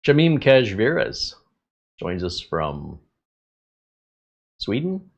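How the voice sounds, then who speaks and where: A man hosting a live tech channel stream, greeting viewers in a relaxed, chatty way with many filler pauses. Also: fairly low pitch, creaky.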